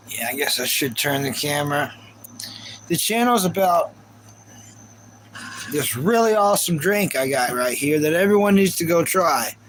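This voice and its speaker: High-voiced man chatting on a live stream. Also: fairly bright tone, slight background noise, low-quality recording. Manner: rambling and chatty, with many fillers. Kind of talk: casual live-stream chat.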